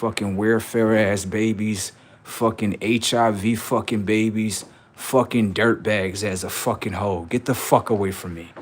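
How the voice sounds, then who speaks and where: A man's voice: fairly low pitch, fairly even intonation, unhurried, a little hiss or hum. A man hosting a livestream, ranting in a profane, mocking and repetitive way while reacting to videos. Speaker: livestream host.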